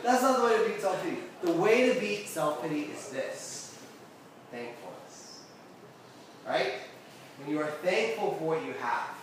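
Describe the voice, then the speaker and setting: A man's voice: sits high, a bit bright, a little hiss or hum. A man giving a casual, interactive sermon to a youth group, constantly checking in with his listeners. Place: air-conditioned room with a group. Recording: very echoey room, mic far off.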